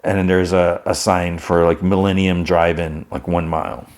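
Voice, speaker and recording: A man's voice: deep voice, flat delivery, moderate pace, a little mellow. A man hosting a podcast, casually recapping a show in a rambling way. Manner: rambling, with many restarts and "he's like". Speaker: podcast host.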